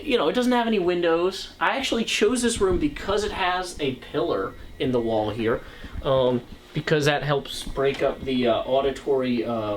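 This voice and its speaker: A man's voice: medium pitch, a little hiss or hum. Rambling, joking man narrating gameplay. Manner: rambling, self-deprecating, lots of fillers and jokes; excited, upbeat office tour. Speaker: host. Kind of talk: casual Minecraft gameplay commentary.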